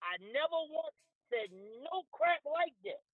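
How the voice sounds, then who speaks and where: High-voiced man on a tinny phone line. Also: lively intonation, a little slow. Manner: stammering, defensive. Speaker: caller. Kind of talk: casual chat.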